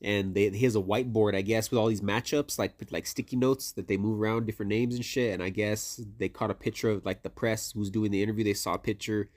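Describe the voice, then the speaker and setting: Low-voiced man rambling in casual chat. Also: fairly even intonation, quick pace, few pauses, darkish tone. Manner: rambling, swears a lot, trails off with "I don't know". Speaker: podcast co-host.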